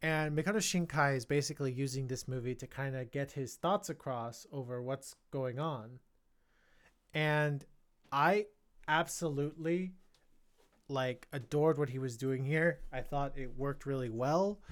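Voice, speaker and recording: A man hosting a film podcast, talking with open enthusiasm and breaking into loud excited outbursts. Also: medium pitch, unhurried. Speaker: podcast host. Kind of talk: casual film review chat.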